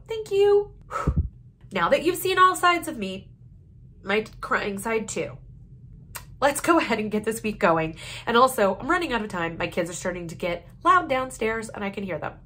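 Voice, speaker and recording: Woman, 30s, casual vlog chat, open and heartfelt, slightly high voice. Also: lively intonation, moderate pace, fairly bright tone. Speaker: vlogger running a small jewelry shop.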